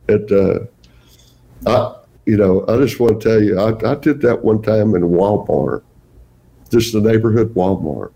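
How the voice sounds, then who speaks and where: A man's voice: fairly low pitch, unhurried, creaky, dark tone, poor audio. An older man with a Texan accent, a guest telling folksy, rambling stories in a casual interview. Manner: folksy, rambling storyteller with chuckles. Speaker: guest Santa performer.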